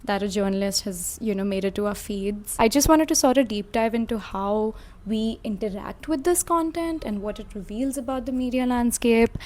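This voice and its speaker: A woman's voice: mid-range voice, moderate pace, darkish tone. A woman from India reading a scripted video essay, reflective and lightly casual, with frequent hedging fillers. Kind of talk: scripted commentary.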